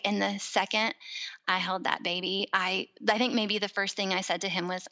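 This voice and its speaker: A woman in her forties chats as a podcast guest, recounting family stories with a bright, forceful tone. She slips into the voices of the people in her stories as she goes, animated and open. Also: mid-range voice, normal speed. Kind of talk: casual storytelling chat.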